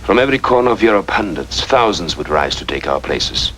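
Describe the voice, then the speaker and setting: A man's voice: deep voice, sing-song, brisk, fairly bright tone. An actor playing a defiant male resistance leader in a 1940s film, speaking in a commanding, stirring way. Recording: noisy old film soundtrack.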